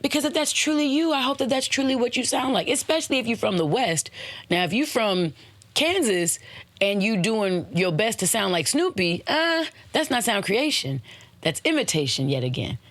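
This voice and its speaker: A woman's voice: fairly high pitch, very animated, moderate pace, a bit bright, no echo. A woman hosting a podcast, giving casual motivational talk and slipping into playful voices for examples. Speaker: podcast host.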